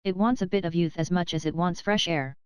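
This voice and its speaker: Blunt composed old soldier, read by a woman, low voice, very clear, dry close sound. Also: fairly quick, dry recording, lo-fi sound, close to an everyday voice. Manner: calm, blunt, steady. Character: gruff composed old soldier, big and strong.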